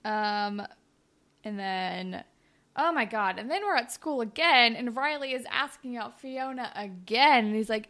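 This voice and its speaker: A woman's voice: fairly high pitch, measured pace, pushed and bright. A woman co-hosting a podcast, casually recapping a TV episode and acting out the characters' lines. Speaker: podcast co-host.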